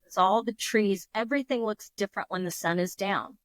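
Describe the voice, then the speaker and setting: A woman in her fifties, a podcast guest telling a story in a lively, emotional way, with frequent restarts. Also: mid-range voice, fairly quick, no echo. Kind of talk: casual storytelling.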